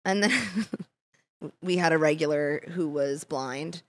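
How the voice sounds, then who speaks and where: A woman's voice: low voice, takes it slowly. A woman chatting casually as a podcast guest, laughing often as she tells her stories. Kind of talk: casual chat.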